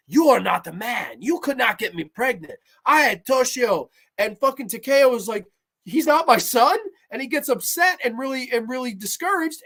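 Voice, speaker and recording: A woman hosting a horror film review show, ranting with exasperated sarcasm and heavy swearing. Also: high voice.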